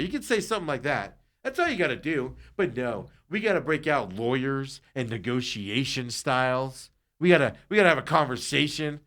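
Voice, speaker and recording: A man's voice: mid-range voice, big pitch swings, fairly quick, a bit bright. A man hosting sports talk, ranting with heat and sarcasm. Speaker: sports radio host. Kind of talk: heated sports talk rant.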